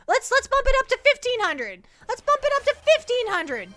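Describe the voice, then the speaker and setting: A woman streamer chatting casually on a livestream, excitable and giggly, often stammering and restarting. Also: very high-pitched, a little fast, few pauses, soft background music. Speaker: VTuber streamer.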